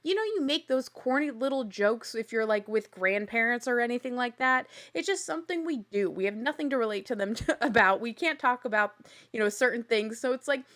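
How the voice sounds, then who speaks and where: A woman casually recapping a reality show, chatty and animated, with quick asides and laughs. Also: fairly high pitch. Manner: acts out quoted lines in little voices.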